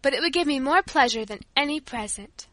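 Woman doing a gentle devout little girl. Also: sits high, expressive, fairly quick, dry recording. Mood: wistful.

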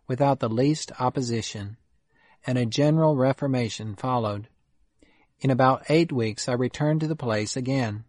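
A man giving a steady, measured audiobook reading of an old memoir. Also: medium pitch, no echo. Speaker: narrator.

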